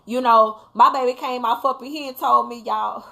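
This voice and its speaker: Emphatic higher-voiced mother talking to viewers. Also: steady tone, normal speed, gravelly, sharp tone. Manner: emphatic, keeps addressing viewers, blunt with swearing. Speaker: livestream host talking to viewers. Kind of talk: casual heartfelt talk to viewers.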